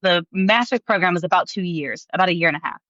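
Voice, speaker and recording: A woman in her thirties tells her story as a podcast guest, laughing often and acting out the voices of others. Her tone is bright and forceful. The sound is dry and a little dull, as if on a modest mic. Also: lowish voice, fast talker, no echo. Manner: animated, laughs often, acts out quoted voices. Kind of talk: storytelling in an interview.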